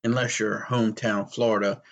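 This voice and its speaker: A man's voice: lowish voice, flat delivery, moderate pace, vocal fry, lo-fi sound, a little hiss or hum. A man with the hiccups chatting casually about fights, breaking off to excuse himself. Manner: apologetic, keeps interrupting himself.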